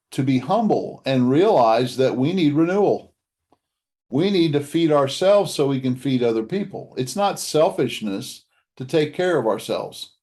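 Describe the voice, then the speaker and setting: A man's voice: a little high, darkish tone. A man coaching an audience in a motivational talk, earnestly walking through a slide and offering to send the slides afterward. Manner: offers to email the slides to listeners.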